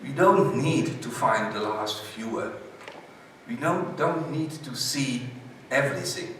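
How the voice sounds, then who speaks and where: A man whose first language is Dutch presents at a conference in English, driving home short, slogan-like points. He sits at an ordinary pitch and is heard from a distance in a very echoey hall, with faint room ambience. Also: lively intonation, slow pace, fairly bright tone, slight background noise. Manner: emphatic, slogan-like summing up. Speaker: conference speaker. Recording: echoey hall, speaker far from mic.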